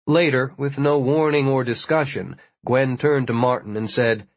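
A man's voice: mid-range voice, moderate pace, no room sound. A man reading an audiobook aloud in a dry, wry storytelling manner. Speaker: audiobook narrator. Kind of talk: scripted narration.

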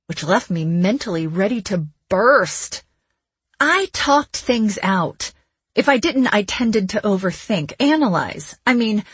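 Slow, breathy woman narrating fiction. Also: mid-range voice, no room sound. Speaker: audiobook narrator. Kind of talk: first-person fiction narration.

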